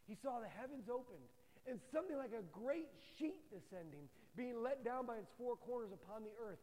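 A man with a high-pitched voice preaching a sermon, animated and acting out the people of the scripture story as he reads. His voice rings with the long reverb of a large hall. He speaks to a room full of people. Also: brisk. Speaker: pastor.

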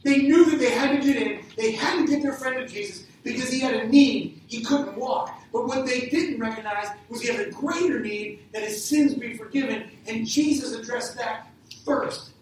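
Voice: medium pitch, moderate pace, far from the mic. A pastor preaching a conversational sermon, asking the congregation questions as he goes. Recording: echoey hall, speaker away from mic, faint noise.

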